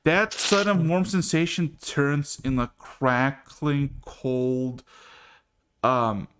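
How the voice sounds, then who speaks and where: A man's voice: medium pitch, steady tone, drawn-out words, fairly bright tone, a little hiss or hum. A man narrating as game master of a tabletop game, laid-back and casually swearing.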